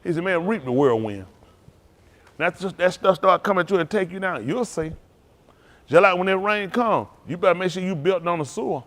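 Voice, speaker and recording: Pastor, male, higher-pitched, preaches with a call-and-response drive, from loud to hushed. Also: fairly quick. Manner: rousing call-and-response preaching, Southern Black church cadence; animated, swings between loud and hushed. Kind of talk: sermon.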